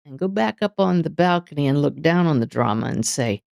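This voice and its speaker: A woman being interviewed as a medium, telling lively stories and acting out inner dialogue. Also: sits low, fairly quick, creaky, few pauses, dry recording, studio quality. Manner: animated storytelling, voices inner dialogue. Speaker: guest medium. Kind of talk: interview conversation.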